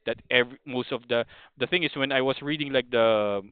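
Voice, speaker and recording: This podcast host, a thirtysomething man from the Philippines with a Filipino accent, rambles through casual opinions, restarting and apologizing often. He talks briskly in a mid-range voice that is clear and resonant, without echo, over thin phone-like audio.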